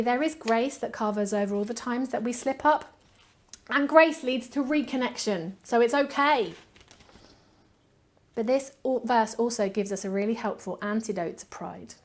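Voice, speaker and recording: Woman, church administrator giving a sermon; calm, reflective, soft trailing endings. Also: fairly high pitch, normal speed. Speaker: preacher.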